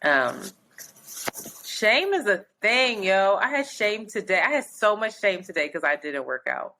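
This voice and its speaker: A woman's voice: medium pitch, sing-song, measured pace, sharp tone. A woman co-hosting a podcast, chatting casually in a candid, loose way with frank swearing. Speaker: podcast co-host. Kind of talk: casual chat.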